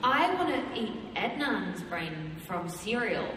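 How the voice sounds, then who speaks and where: A woman's voice: medium pitch, sing-song, takes it slowly, very noisy. A woman answering fan questions on a convention panel, light and joking. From New Zealand. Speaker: lead actress on a convention panel. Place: large convention hall. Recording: echoey convention hall from far off.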